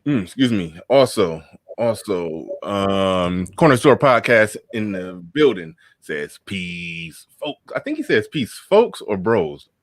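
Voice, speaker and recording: A man hosting a podcast, talking in a relaxed way and repeating his words. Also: lowish voice, measured pace, dry recording. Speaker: host. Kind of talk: casual podcast chat.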